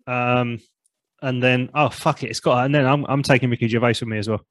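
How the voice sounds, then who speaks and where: A man in easy conversation as a podcast guest, a former comedian and vocal coach. He talks loosely, swears without a second thought and often trails off mid-sentence before starting again. The voice sits at an ordinary middle pitch, recorded close and dry with no room sound. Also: fairly quick, no room sound. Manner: relaxed, swears freely, trails off and restarts. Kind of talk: casual chat.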